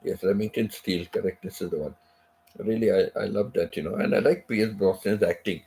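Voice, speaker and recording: A man's voice: deep voice, fairly quick, creaky, a little mellow. A middle-aged man hosting a live stream in casual chat, rambling and repeating himself with many asides while recovering from feeling sick. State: unwell, recovering from sickness.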